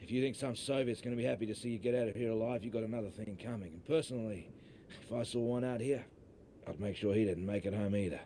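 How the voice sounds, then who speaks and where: An actor playing a gruff, weary, injured expedition pilot in a video game. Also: male voice, lowish voice, quick pace, warm tone, a little hiss or hum, natural voice. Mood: grim.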